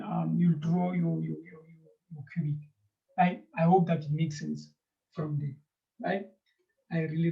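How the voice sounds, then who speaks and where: A man teaching a math lesson, speaking straight to his students, often checking in with "right?" and filling pauses with "um". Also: on the high side, gravelly, warm tone. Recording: dull lo-fi recording.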